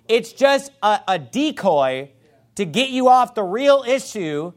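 A man's voice: high-pitched, very animated, unhurried. A man preaching a sermon as a pastor, fiery and emphatic, reading scripture aloud in old-fashioned wording.

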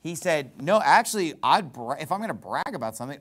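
A man preaching a verse-by-verse sermon, reading scripture in a rising, emphatic cadence and swinging between loud emphasis and quiet asides. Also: fairly high pitch, big pitch swings, a little fast, hardly any pauses. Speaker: pastor.

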